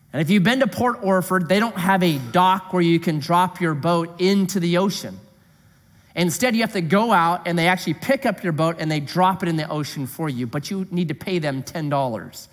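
A middle-aged man preaching a sermon as a comic story, animated and exclaiming, with a long hall echo. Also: high-pitched.

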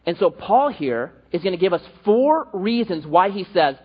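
Brief: husky, high-voiced male preacher, animated storytelling sermon; reverberant hall, lo-fi. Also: normal speed. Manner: animated storytelling with acted-out quotes. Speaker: pastor. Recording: echoey hall, dull lo-fi.

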